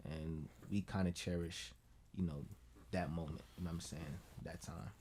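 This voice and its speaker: A man's voice: sits low, fairly even intonation, normal speed, warm tone, husky. A man, a guest on a casual podcast, talking in a loose, rambling way and often saying "you know what I'm saying". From Brooklyn, New York. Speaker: guest musician.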